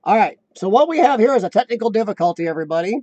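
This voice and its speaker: With background noise behind him, an American man speaks rapid-fire in a high, expressive voice while hosting a casual live stream. He rambles and chats loosely with viewers, reading their comments out loud.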